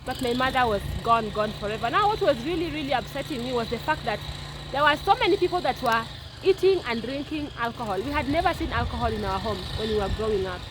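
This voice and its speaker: A woman's voice: on the high side, expressive, fast talker. A young Kenyan woman telling an emotional personal story, often repeating her words. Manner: emotional, repetitive, circling back. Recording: noisy background with passing vehicles.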